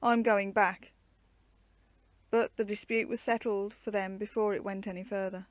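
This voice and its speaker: A woman reading an adventure book aloud as a storyteller, measured and expressive. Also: medium pitch, no echo.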